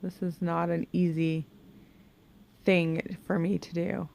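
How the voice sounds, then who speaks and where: A woman's voice: lowish voice, level tone, slow pace, gravelly, darkish tone, slight background noise. A woman chatting through a makeup tutorial at home, talking to herself as she works and humming now and then. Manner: chatty, talks to herself while working, hums and mutters. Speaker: beauty vlogger. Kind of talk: casual makeup tutorial chat. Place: home bedroom.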